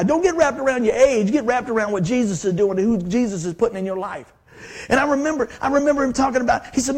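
Man preaching, husky voice, fairly high-pitched, animated storytelling. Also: fast. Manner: animated storytelling, swings from hushed to loud. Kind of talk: sermon.

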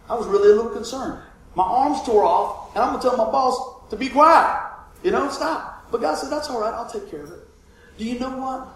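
A man preaching a sermon, telling a personal story in a folksy, animated way. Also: high voice, a little hiss or hum. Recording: echoey room from far off.

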